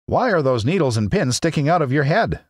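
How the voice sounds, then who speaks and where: An earnest tin woodman with a raised, emphatic and rather loud voice, as a man puts him on. It is a close, dry storybook reading. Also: sing-song, fairly quick, breathy edge, no room sound. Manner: high, loud, emphatic delivery. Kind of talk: audiobook character reading.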